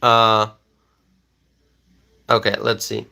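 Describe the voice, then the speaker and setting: A man's voice: on the low side, completely flat delivery, very slow, creaky, pushed and bright. A man hosting a political livestream and reading out viewer comments. He is emphatic, repeats himself, and keeps checking in with "okay?".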